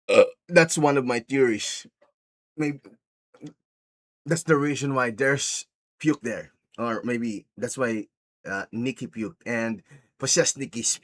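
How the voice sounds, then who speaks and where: A man recapping a film in a casual vlog style, rambling, excitable and profane. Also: medium pitch. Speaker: movie reviewer.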